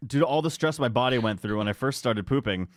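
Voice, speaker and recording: A man's voice: mid-range voice, fast. A man co-hosting a podcast, reading stories aloud and rambling into laughing asides. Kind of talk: casual chat, reading posts aloud.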